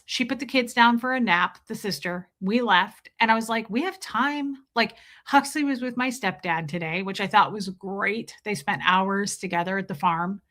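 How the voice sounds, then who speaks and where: Bright-voiced young woman streamer chatting. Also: mid-range voice, normal speed, hardly any pauses. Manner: chatty, swearing freely, storytelling. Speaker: livestream host. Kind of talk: casual livestream chat.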